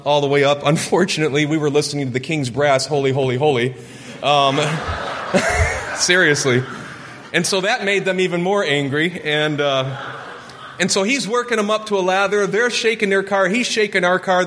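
A man in his forties from Michigan telling a personal story during a sermon, earnest and lively. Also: on the high side. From Michigan, USA. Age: 40s. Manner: earnest storytelling, gets lively acting out quotes. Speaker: preacher. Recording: long hall reverb.

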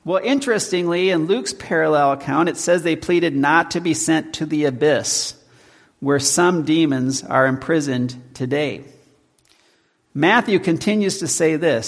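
A male pastor preaches from the pulpit with a somewhat high-pitched voice. He speaks in measured tones and slows deliberately when reading verses. The sound carries a long, echoing reverb from the church hall. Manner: measured preaching, slows to read scripture and hymn lines. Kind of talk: sermon.

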